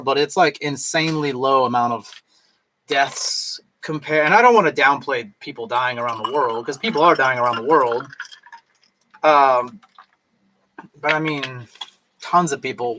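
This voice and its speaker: A man's voice: mid-range voice, normal speed, pushed and bright, slight background noise. A man chatting casually on a live stream while drinking, rambling and tipsy, with lots of fillers and restarts.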